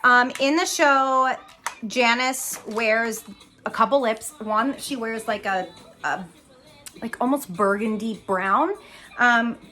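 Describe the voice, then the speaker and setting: A woman's voice: a little high, takes it slowly, sharp tone, soft background music. A young woman talking casually through a makeup tutorial, chatty, giggly and self-deprecating. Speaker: Broadway actress doing a makeup tutorial.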